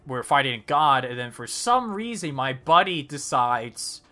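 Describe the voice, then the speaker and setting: A man narrates a tabletop game as game master, rambling and filling his speech with fillers and restarts. His medium-pitched voice swings widely in pitch and sounds bright and forceful at a normal speed, with faint music in the background.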